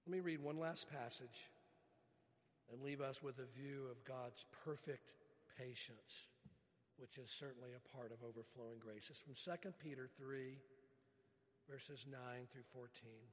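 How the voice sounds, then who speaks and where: A middle-aged man preaching, telling a folksy personal story in an animated way. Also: medium pitch, measured pace, big-room sound. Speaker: pastor.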